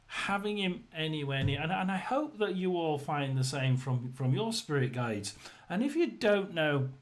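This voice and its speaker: Rambling, throat-clearing livestream host, a man. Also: a little high. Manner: tells jokes to the chat. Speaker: host of a live tarot chat stream. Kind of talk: casual live-stream chat.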